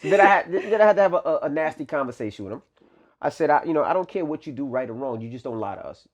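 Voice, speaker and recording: A man co-hosting a podcast, chatting casually and telling animated stories, acting out the people he quotes. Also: a little high, rapid-fire. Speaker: podcast co-host. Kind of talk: casual chat.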